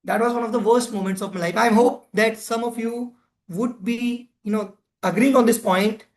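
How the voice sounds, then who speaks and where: A man's voice: very high-pitched, fairly even intonation, normal speed. A man leading an interactive workshop session, chatting and putting questions to his audience. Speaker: presenter of a club education session.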